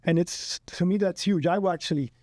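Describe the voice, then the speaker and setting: Fast-talking man hosting a podcast. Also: high-pitched, no echo, clean studio sound. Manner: animated, rambling storyteller. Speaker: podcast host. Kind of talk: casual chat.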